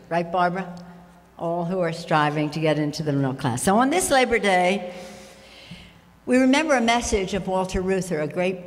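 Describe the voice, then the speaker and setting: A woman in her seventies, a party leader giving a political speech at a breakfast, with a rallying manner that repeats key phrases. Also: on the low side. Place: large breakfast hall with a crowd. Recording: long echo of a large hall.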